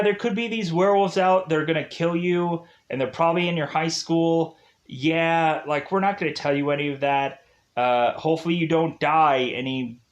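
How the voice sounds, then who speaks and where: A man with a fairly high voice talks through a TV episode recap in loose, meandering chat. He leans on filler words, laughs at his own jokes, and slips into mocking voices for the characters' lines. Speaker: TV review host. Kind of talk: casual spoken TV episode recap.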